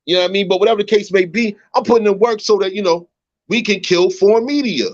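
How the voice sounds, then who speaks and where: A man in his thirties hosts a casual live chat in an animated, slangy way. His voice sits a little high. It comes through a phone with a dry, muffled sound. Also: fast, no room sound. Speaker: host.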